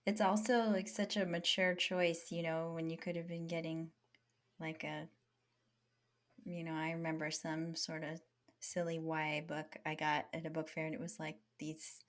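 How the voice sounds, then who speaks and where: A woman hosting a podcast interview in casual chat, playful and quick to joke along with her guest. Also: deep voice, little pitch movement. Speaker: podcast host.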